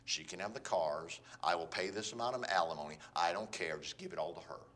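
A man's voice: sits low, a little fast, a bit bright, voice pushed down. A man voicing a bitter husband going through a divorce, aggrieved and grumbling. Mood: resigned.

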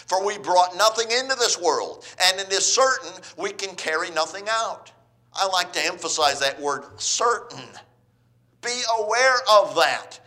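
A man preaching a sermon, swinging between loud emphatic lines and quiet ones, asking his listeners rhetorical questions. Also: on the high side. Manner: asks the audience rhetorical questions.

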